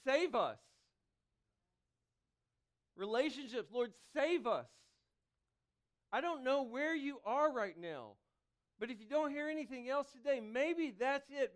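A man delivering a sermon to his congregation in a church, with a high-pitched, crisp, resonant voice. He talks conversationally, with restarts and asides. He builds to loud calls, then drops to hushed, pleading phrases. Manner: dynamic preaching, swinging between loud calls and hushed pleas. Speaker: pastor. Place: church sanctuary.

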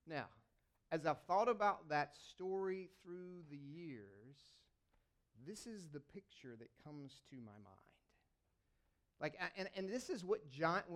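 A man's voice: fairly high pitch, pushed and bright. A man giving a sermon in a conversational, storytelling way, often restarting his sentences. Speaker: lay preacher.

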